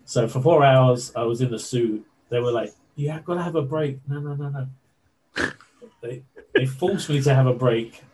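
Animated man telling a story. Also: mid-range voice, slight background noise, poor audio. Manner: animated storyteller with fillers and laughs. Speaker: interview guest. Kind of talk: casual anecdote telling.

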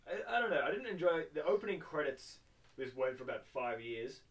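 A man's voice: fairly high pitch, sing-song, a little fast. A young man co-hosting a casual film review podcast, rambling and laughing often, swearing casually. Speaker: podcast co-host.

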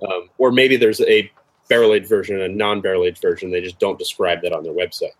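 Co-host, man, low and husky, halting and filler-heavy, talks over a video call. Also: fairly even intonation. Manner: hesitant, many fillers and restarts, explanatory. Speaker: co-host of a drinks tasting show. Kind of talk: casual chat.

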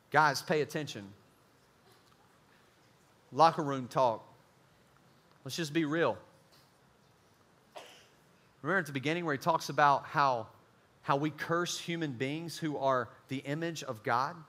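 Animated, bright-voiced male youth preacher. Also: a little high. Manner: animated, joking, acts out quick dialogue. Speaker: youth pastor. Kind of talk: sermon.

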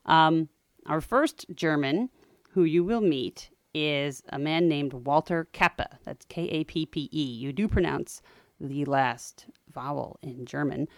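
A woman with a low voice co-hosts a history podcast, narrating in a relaxed, chatty way. She slips in wry jokes and animated asides. The sound is close and dry. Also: slow pace, no echo. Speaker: podcast co-host. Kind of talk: casual history storytelling.

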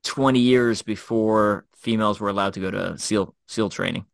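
A middle-aged man recalls his training days in a relaxed podcast conversation. His voice sits fairly low and sounds close and dry. He tells stories animatedly, with frequent fillers and self-corrections. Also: moderate pace, gravelly, no echo. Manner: animated storyteller, many fillers and restarts. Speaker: former Special Forces officer, guest co-host. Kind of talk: casual podcast chat, storytelling.

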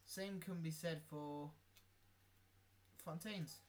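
A man's voice: fairly high pitch, steady tone, slow, a little hiss or hum. A young man, co-hosting a podcast in casual chat and ranting sarcastically with swearing. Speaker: podcast co-host.

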